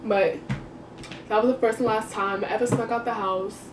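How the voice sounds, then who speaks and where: A young woman telling a casual storytime, slangy and animated, acting out her own reactions. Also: a little high, moderate pace, noisy background. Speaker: vlogger. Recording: echoey room, far from the mic.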